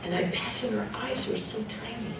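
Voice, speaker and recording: Older woman telling animated stories. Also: a little high, fairly quick, gravelly. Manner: animated, laughing, mimics others in quotes. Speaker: guest actress. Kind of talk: anecdotal storytelling Q&A. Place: club room with live audience. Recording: echoey room, distant mic, background noise.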